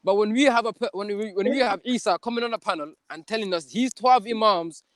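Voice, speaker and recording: A man's voice: high voice, brisk, a crowd in the background. A young man debating hotly and combatively, in street slang, often asking "you feel me". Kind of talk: heated live debate.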